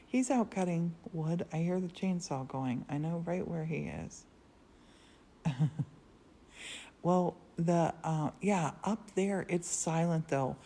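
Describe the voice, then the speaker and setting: A woman hosting a casual live stream, telling rambling stories with frequent laughs from a quiet converted church studio. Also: deep voice, a little hiss or hum. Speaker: livestream host. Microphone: phone livestream.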